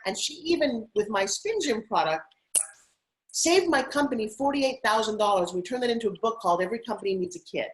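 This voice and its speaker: Middle-aged woman, interview guest, animated storyteller, quick rushing delivery. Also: a little high, poor audio. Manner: animated, rapid anecdotal telling. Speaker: interview guest, TV host and spokesperson.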